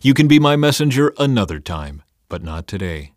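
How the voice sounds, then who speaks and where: A man's voice: mid-range voice, very animated, brisk, darkish tone, no room sound, studio quality, close to an everyday voice. A man reading scripture aloud, voicing a stern middle-aged army commander who speaks curtly and firmly.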